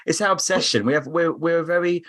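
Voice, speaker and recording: A British man chatting as a podcast guest, telling lively anecdotes. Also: fairly high pitch, fast. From Britain. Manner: animated, chatty storytelling. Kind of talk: casual podcast chat.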